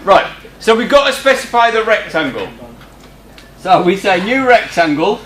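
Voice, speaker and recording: A man's voice: high-pitched, expressive, normal speed, fairly bright tone. A man teaching a coding lesson in a classroom, talking informally with teasing asides to his students. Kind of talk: screen-recorded coding tutorial. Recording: echoey room with faint background hum.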